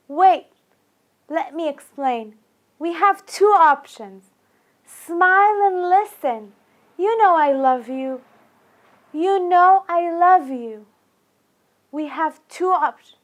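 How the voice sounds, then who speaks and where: A woman playing a gentle father who softly pleads with his grieving daughter, repeating himself as he coaxes her. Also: sits high. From Iran. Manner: soft, slow, coaxing, repeating himself.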